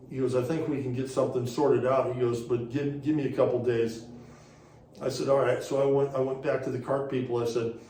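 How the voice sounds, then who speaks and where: A man with a mellow, darker voice tells a story from his racing career, rambling and looping back with repeated "he goes". He sounds set back from the mic in a roomy space with some echo. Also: medium pitch, distant mic, a little hiss or hum. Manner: rambling, repeats "he goes" while retelling conversations. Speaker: interview guest, former racing series director. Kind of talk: casual storytelling.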